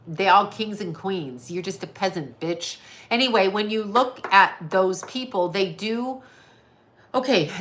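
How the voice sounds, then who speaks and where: A woman's voice: medium pitch, sharp tone. A middle-aged woman from Canada, hosting a casual livestream, rambling from tangent to tangent, swearing freely and answering chat comments as she goes. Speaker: psychic medium and livestream host.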